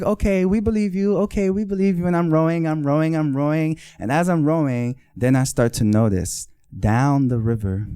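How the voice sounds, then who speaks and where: A man tells a story live on stage, lively and theatrical, acting out every exchange. His voice is warm and mellow, and the sound is dry and close. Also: mid-range voice, dry recording. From the Bronx, New York. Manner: animated, acts out dialogue, repeats phrases for rhythm. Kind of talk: live first-person storytelling.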